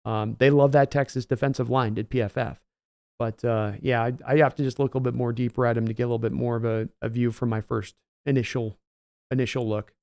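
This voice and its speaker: A man's voice: mid-range voice, level tone, fast, gravelly, a little mellow, no room sound, clean studio sound. A man hosting a casual livestream, chatting loosely and answering viewers' comments by name. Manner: rambling, conversational, reads out viewer names. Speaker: host.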